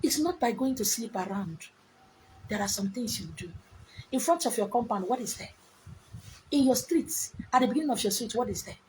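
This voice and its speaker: A woman's voice: a little high, lively intonation, normal speed, a little mellow. Nigerian lady rambling and preaching on her phone live, emotional, a bit of hiss behind her. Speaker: live video host. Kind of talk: casual motivational live stream.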